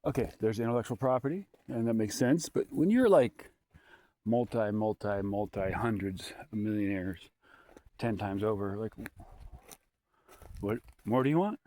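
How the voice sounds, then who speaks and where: A man's voice: on the low side, animated, normal speed, long pauses, mellow. Rambling man vlogging alone outdoors. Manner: rambling, sidetracked, jokey. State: out of breath. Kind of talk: rambling handheld vlog. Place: outdoors at a forest campsite. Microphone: handheld phone camera.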